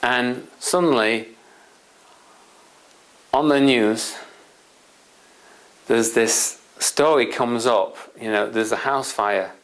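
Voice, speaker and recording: A man's voice: medium pitch, slow, pauses often, fairly bright tone, rough recording. A man presenting a self-help system, explaining his point through a rambling everyday anecdote with asides to the listener. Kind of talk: explanatory storytelling talk.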